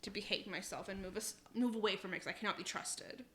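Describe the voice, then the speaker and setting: A woman's voice: mid-range voice, fast, a bit bright. A young woman chatting casually on a live stream, reading out chat messages, laughing often and swearing in passing.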